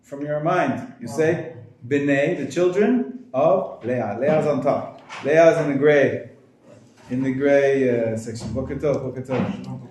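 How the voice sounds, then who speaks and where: Man, classroom teacher, patient, encouraging, dark tone, very echoey room. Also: medium pitch, slow, slight background noise. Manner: patient, encouraging, drills pronunciation.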